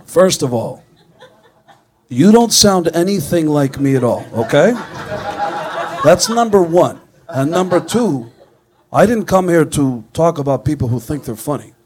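A man's voice: fairly high pitch, expressive, measured pace, long pauses, crowd noise. A man doing an impression of a blunt, boastful male rock star who talks like a salesman and swears. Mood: dismissive.

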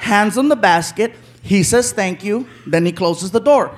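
A man telling a stand-up story on stage, animated and shouting out characters' lines, with an audience laughing behind him. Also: sits high, normal speed. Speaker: stand-up comedian. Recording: live stage with crowd noise.

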